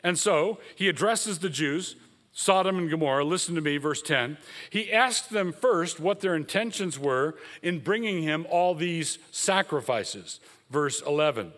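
A man's voice: fairly high pitch, animated, a little slow, fairly bright tone, in a large hall. A man preaching a sermon as a pastor, speaking emphatically and rising sharply when he quotes.

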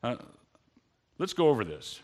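A man's voice: mid-range voice, sing-song, unhurried, darkish tone. A man preaching a sermon in an earnest, conversational way, lifting his voice on key lines.

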